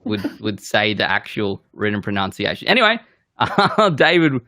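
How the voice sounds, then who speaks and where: A man's voice: on the low side, sing-song, moderate pace, pushed and bright, no room sound, studio quality. A man hosting a casual whisky game show, loose and self-deprecating.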